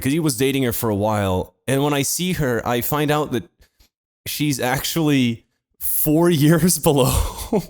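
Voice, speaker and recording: A young man co-hosting a comedy podcast, telling stories in a profane, joking, casual way. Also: medium pitch. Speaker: podcast co-host.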